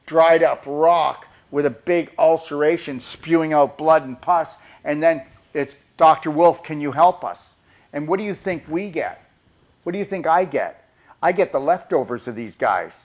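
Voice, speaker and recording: A man, a doctor, giving an impassioned motivational talk and pressing his audience with rhetorical questions. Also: fairly high pitch.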